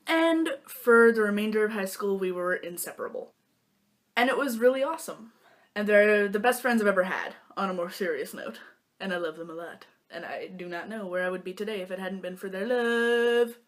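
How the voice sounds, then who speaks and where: A woman's voice: medium pitch, normal speed. A young woman casually telling stories to a phone camera, playful and jokey, acting out her friends' lines in silly voices. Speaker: vlogger. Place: small room lit by a lamp.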